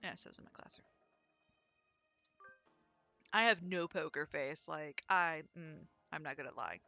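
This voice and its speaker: A woman's voice: low-pitched, expressive, a little slow, vocal fry, sharp tone, dry recording, soft background music. A young adult woman chatting casually over a game, rambling into stories. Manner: chatty, rambling anecdotes with acted quotes. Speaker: let's play streamer. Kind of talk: casual gameplay commentary.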